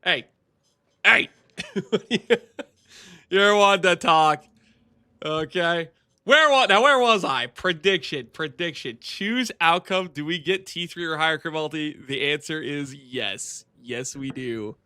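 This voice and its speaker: Male game streamer, bright and sharp tone, a bit high-pitched, teasing banter with chat. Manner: excitable, teasing, quick to laugh and banter with chat. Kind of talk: casual live gameplay commentary to chat.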